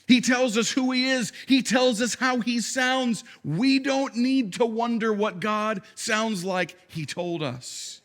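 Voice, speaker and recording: A man in his thirties, a pastor preaching a sermon in a conversational way, with halting restarts and acted-out quotes. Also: very high-pitched, fairly bright tone.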